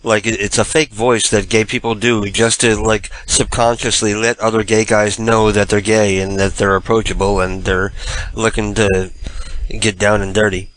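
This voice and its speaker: Low-voiced rambling radio host. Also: male voice, level tone, moderate pace, fairly bright tone, slight background noise, poor audio. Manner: rambling, offhand. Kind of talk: casual radio talk.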